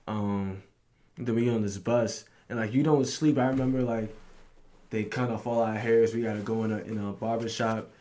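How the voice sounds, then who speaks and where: Young guy from new york, chill slangy storyteller on a podcast, sometimes yells out voices. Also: on the low side, steady tone, moderate pace. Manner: laid-back slang-heavy storytelling, acts out drill sergeants yelling. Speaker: podcast guest, rapper. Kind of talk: casual chat.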